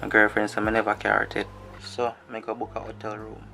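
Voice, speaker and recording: A man's voice: on the low side, completely flat delivery, fast talker, gravelly, bright, forceful tone, faint music behind. An actor playing an easygoing man in a Jamaican film drama, talking in patois with a Jamaican accent. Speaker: man confiding in a friend. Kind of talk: Jamaican movie drama acting.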